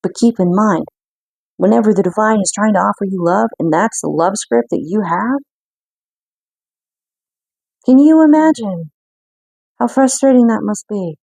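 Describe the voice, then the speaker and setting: A woman giving an intuitive card reading in an earnest, reflective way, with frequent pauses. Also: medium pitch, vocal fry, darkish tone, husky, dry recording. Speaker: spiritual card reader.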